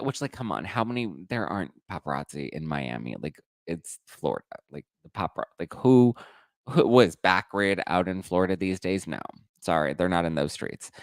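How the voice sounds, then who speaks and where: A man hosting a casual celebrity gossip livestream, sassy and dishy, swearing freely and tossing in quick asides. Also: on the low side, fairly bright tone, no echo. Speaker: pop culture podcast host.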